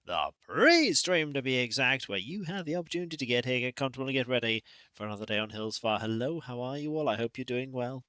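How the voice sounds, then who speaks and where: A man, a livestreamer, chatting casually and greeting viewers by name in a relaxed, playfully formal way from his home. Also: medium pitch, brisk, no echo. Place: home room.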